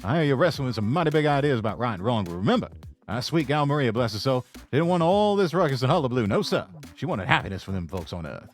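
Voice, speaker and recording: A man doing a pompous, loud old cartoon rooster in a put-on Southern drawl, stammering "I say, boy" as he lectures. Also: medium pitch, very animated, fast talker, faint music behind, natural voice. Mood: lecturing. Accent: American Southern (put on).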